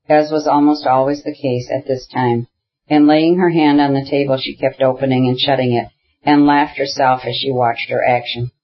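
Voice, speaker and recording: Reading from a classic novel, this male audiobook narrator stays steady and controlled. Lo-fi sound carries his mid-range voice.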